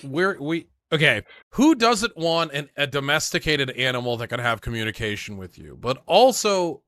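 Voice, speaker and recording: A man's voice: medium pitch, big pitch swings, moderate pace, a bit bright, dry recording, studio quality. A man co-hosting a podcast who talks casually, ranting in an exasperated way and swearing. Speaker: podcast co-host.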